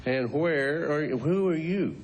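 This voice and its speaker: A man's voice: a little high, lively intonation, unhurried, a little hiss or hum. A man in his fifties hosting a show, chatting with children in a folksy, teasing way and chuckling often. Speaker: host. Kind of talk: casual chat with children.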